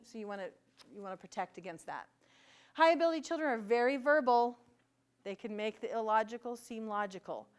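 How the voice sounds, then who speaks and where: In a school meeting room, a middle-aged gifted education administrator presents a parent workshop in a smooth, fairly high, animated voice at normal speed. She keeps it conversational and acts out bits of quoted dialogue.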